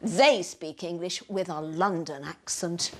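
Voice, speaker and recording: A woman's voice: on the low side, a bit bright, a little hiss or hum. An actress playing a snobbish, prim English lady with a Received Pronunciation accent, who talks in a haughty, precise way. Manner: haughty, precise, slow deliberate delivery. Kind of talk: scripted language-course drama.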